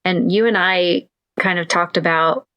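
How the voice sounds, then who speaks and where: A woman's voice: on the low side, a little slow, a bit bright, smooth. A woman hosting a casual interview podcast, affirming her guest and reflecting on the story. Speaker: podcast host.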